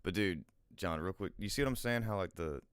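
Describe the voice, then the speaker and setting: A man co-hosting a live podcast who reacts with relaxed, joking asides. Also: deep voice, fairly quick, smooth, no echo, studio quality. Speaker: podcast co-host.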